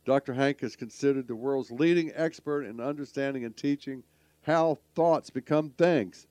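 A man's voice: mid-range voice, normal speed, mellow, no echo. Guy hosting a talk show, chatty and rambly, dry close sound. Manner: folksy, rambling, stumbles over words. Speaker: podcast host.

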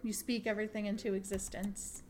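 A woman with a Long Island accent, co-hosting a casual podcast chat, chatty and quick to laugh. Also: mid-range voice, little pitch movement, slight background noise. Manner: laughs often, chatty and enthusiastic. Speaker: podcast co-host.

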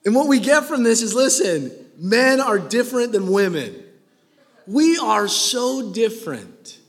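A young male pastor delivers a playful sermon in a high, light voice. He jokes, laughs and acts out quoted lines. The recording carries a long hall echo from the church space. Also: big pitch swings, unhurried.

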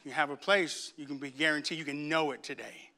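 A man preaching a sermon, telling his own story in hushed tones and then rising to loud preaching aimed straight at his listeners. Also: fairly high pitch, fairly even intonation, a little fast. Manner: speaks straight to viewers and congregation. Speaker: pastor. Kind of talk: sermon with personal testimony.

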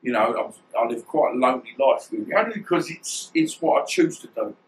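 A man, telling stories in an interview in a rambling, animated way and acting out the dialogue. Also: mid-range voice, brisk, slight background noise, low-quality recording. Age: 50s. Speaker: guest, former boxer. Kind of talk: storytelling interview.

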